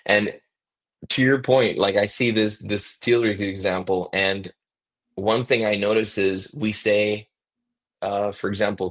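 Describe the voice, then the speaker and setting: A man's voice: on the low side, fairly even intonation, measured pace, a bit bright. A man on a business podcast explaining his company's survey tool, often restarting words and checking in with "right?". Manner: repeats words while explaining, asks "right?". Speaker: guest from a survey software company.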